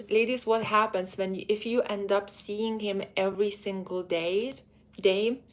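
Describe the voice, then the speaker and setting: Chatty woman coaching ladies on dating. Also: medium pitch. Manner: chatty, direct, addresses viewers as ladies; acts out quoted men in quick put-on voices. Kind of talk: live-stream advice talk.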